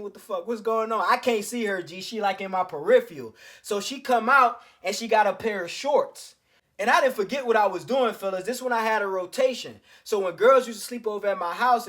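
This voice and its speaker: A man with a fairly high voice talks straight at the listener, blunt and profane, full of slang. He tells his own dating stories in a casual monologue and keeps calling his audience fellas. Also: a bit bright. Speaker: dating advice host.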